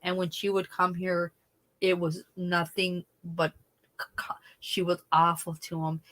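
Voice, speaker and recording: Woman, casual livestream host, chatty and animated with frequent laughs. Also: a little slow. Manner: chatty, animated, laughs often, trails off into sad lows.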